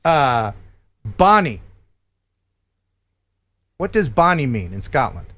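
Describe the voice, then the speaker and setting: Speaking slowly at a medium pitch, this American host runs a live-stream quiz, reading out words with plenty of laughter and chatter in a lively quizmaster style.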